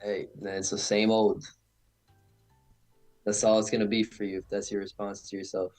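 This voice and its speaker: Male co-host, low monotone, calm affirming interjections, faint music. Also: normal speed. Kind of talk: casual chat as co-host.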